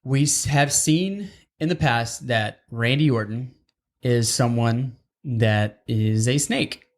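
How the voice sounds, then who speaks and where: Male podcast host, casual chat, rambling and digressive, average pitch. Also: takes it slowly. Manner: rambling, digressive, restarts often.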